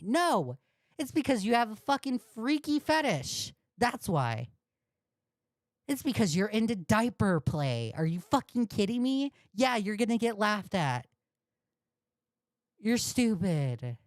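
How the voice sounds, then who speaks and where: A woman's voice: medium pitch, very animated, a little slow, pauses often, dry recording, studio quality. A woman host ranting on a commentary livestream, profane and indignant, repeating insults. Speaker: commentary streamer.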